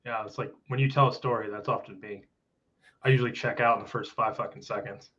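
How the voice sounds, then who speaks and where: Dude cracking crude jokes at himself, swearing, slightly muffled recording. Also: male voice, on the low side, steady tone, fast talker, crowd noise. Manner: crude, swearing, self-mocking. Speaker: co-host. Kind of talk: casual banter.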